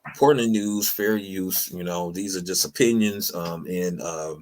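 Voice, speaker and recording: A man hosting a podcast, chatting casually and animatedly, with frequent laughs. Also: moderate pace. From Illinois, US. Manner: animated, acts out quotes in a higher voice, laughs often. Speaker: podcast host.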